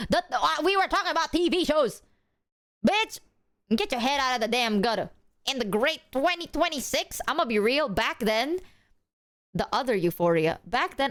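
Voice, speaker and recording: A young woman streaming casually, rambling and excitable, swearing freely as she chats. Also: medium pitch. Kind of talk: casual livestream chat.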